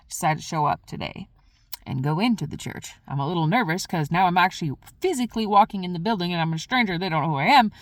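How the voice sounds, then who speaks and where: A woman's voice: fairly low pitch, dry recording. A woman vlogger casually telling a rambling story, acting out what she said at the time. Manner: rambling, animated, acts out her own past lines.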